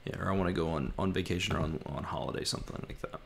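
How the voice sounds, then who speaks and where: A man talks through his language practice in a casual vlog, pausing to sound out words and fix his own mistakes. His voice sits very low with a gravelly fry running through it, and he muses aloud as he works. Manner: halting, sounds words out, self-correcting. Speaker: language-learning vlogger.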